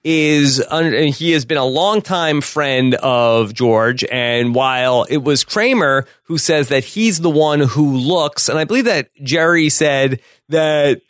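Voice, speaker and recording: A man co-hosting a podcast, casually retelling a sitcom episode scene by scene with quick laughs. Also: a little high, a bit bright, dry recording, clean studio sound. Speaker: podcast co-host.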